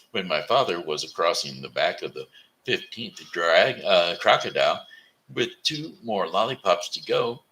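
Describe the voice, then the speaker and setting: Slow, gravelly man reading aloud. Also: low-pitched, sharp tone, poor audio. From Missouri, USA. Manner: slow reading with stumbles and self-corrections. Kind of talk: reading a children's book aloud.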